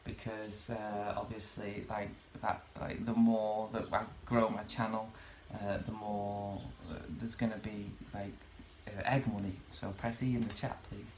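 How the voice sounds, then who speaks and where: A man's voice: on the low side, level tone, a little slow, hardly any pauses, a little mellow, echoey room, slight background noise. A man ranting casually to his vlog audience from his bedroom, swearing freely and rambling with many fillers. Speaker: vlogger.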